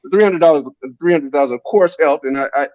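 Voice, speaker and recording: A man's voice: on the high side, quick pace, darkish tone, no echo. Earnest man giving advice, dull audio. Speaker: co-host. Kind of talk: casual livestream chat.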